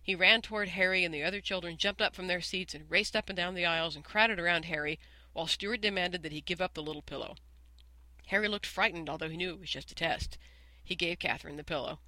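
A man narrating a children's storybook in a clear, measured, gently expressive way. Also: high-pitched, no room sound, low-quality recording. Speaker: audiobook narrator.

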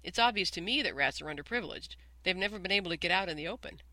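Stuart Little, a man voicing a bright, earnest mouse. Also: high-pitched, lively intonation, dry recording, heavily acted. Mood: brisk. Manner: brisk, cheerful, grown-up authority. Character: small, polite, earnest mouse substitute teacher, male.

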